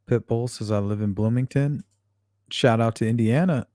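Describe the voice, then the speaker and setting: A man's voice: medium pitch, moderate pace, mellow, dry recording, clean studio sound. A man hosting a true-crime livestream, chatting casually and reading out viewer comments, blunt and often profane. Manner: blunt and profane, with frequent fillers.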